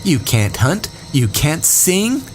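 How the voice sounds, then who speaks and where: A man reading an audiobook and voicing an aggressive, domineering boy leader who shouts with contempt. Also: fairly high pitch, very animated, slow, soft background music, pitched above the performer's own voice. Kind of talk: audiobook character voice.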